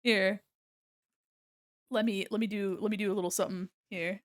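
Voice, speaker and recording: A woman's voice: medium pitch, steady tone, moderate pace, dry recording, clean studio sound. Giggly woman streaming while she draws. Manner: giggly, silly, rambling. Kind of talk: casual livestream chat while drawing.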